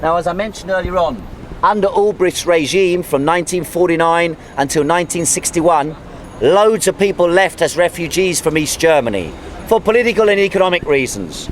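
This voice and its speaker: A man's voice: a little high, normal speed, slight background noise. A man guiding a tour outdoors, giving an anecdotal history lecture sprinkled with jokes. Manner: lively, anecdotal, jokey.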